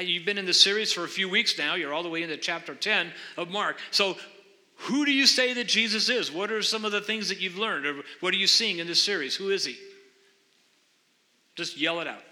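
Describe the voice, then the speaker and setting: A man's voice: sits high, pushed and bright. A man preaching a sermon as pastor, earnestly explaining scripture and questioning his congregation in a church sanctuary. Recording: long hall reverb.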